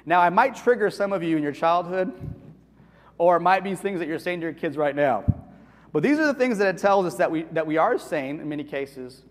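A man preaching a conversational sermon in a church, animated and asking the congregation questions. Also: fairly high pitch, a little fast. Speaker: pastor. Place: church hall. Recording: reverberant church hall.

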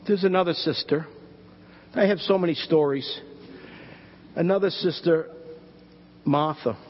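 A man preaching a sermon, telling a story in an animated way and quoting others in conversation. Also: fairly high pitch, unhurried, a little hiss or hum. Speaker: pastor. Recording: dull recording with long hall reverb.

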